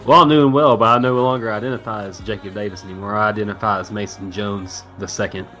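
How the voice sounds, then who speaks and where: A man's voice: on the low side, steady tone, fast talker, bright, forceful tone, soft background music. A man from South Arkansas with a Southern accent, co-hosting a sports podcast, joking and trash-talking playfully. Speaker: podcast co-host. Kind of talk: casual sports chat.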